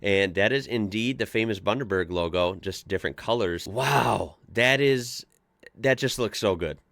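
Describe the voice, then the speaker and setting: A man's voice: fairly low pitch, normal speed, creaky, a bit bright, dry recording, studio quality. An American man hosting a casual commentary show, chatty and amused as he reads posts aloud and adds his own asides. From United States. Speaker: host reacting to online posts.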